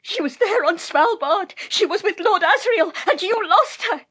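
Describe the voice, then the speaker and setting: A woman's voice: very high-pitched, unhurried, fairly bright tone. An actress voicing a captive witch who is being tortured, pleading and sobbing in an audio drama. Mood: anguished defiance. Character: tortured captive witch woman, defiant then broken.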